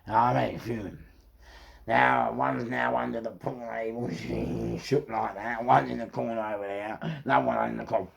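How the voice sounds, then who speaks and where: A middle-aged man with a London accent telling rough stories casually, swearing heavily and repeating words for emphasis. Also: mid-range voice, moderate pace. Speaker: storyteller. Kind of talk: casual storytelling.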